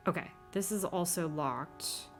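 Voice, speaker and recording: A woman's voice: on the low side, unhurried, soft background music. A woman playing through an old horror computer game, reading its text aloud with dramatic flair and dropping wry asides. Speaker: game streamer.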